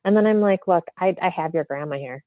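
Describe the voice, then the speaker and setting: A woman medium, a podcast guest, telling a story in a free-flowing, animated way full of fillers. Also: on the low side, a little fast, no room sound. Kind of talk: casual storytelling in an interview. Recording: tinny phone-like line, dry.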